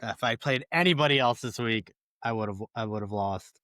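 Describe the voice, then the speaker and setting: A man's voice: medium pitch, normal speed, a bit bright, no room sound, studio quality. A man co-hosting a casual podcast chat, rambling and cursing, laughing at his own bad luck. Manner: rambling, swears freely, laughs at himself. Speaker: podcast co-host.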